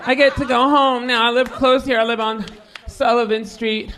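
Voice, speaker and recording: A man doing a brash stand-up set, shouting his punchlines, recorded live in a comedy club. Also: very high voice, little pitch movement, moderate pace. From New York. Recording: live club with crowd noise.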